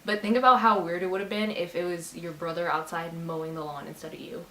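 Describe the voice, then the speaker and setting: A woman in her twenties chatting casually on a storytime video, playful and quick to laugh. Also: lowish voice, fairly even intonation, pushed and bright. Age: 20s. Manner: chatty and giggly, playful teasing. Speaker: vlogger. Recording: roomy sound, distant mic, faint hiss.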